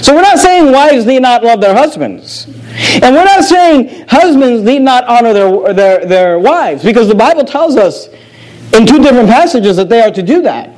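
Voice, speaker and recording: Male pastor, high voice, emphatic sermon delivery with repeated phrases. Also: animated, normal speed, poor audio. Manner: emphatic preacher with sharp pitch drops and repetitions.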